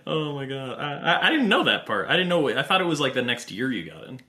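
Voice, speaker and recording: A man in his thirties chats on a podcast with a bright, sharp tone and a very lively, swooping pitch. He laughs often and jumps in with quick reactions. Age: 30s. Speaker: podcast co-host, medical specialist. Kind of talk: casual chat.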